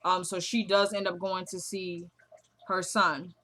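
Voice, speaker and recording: A woman's voice: lowish voice, measured pace. Chatty woman recapping a TV episode. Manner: retells scenes as quoted dialogue, chatty and animated. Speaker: show recap vlogger.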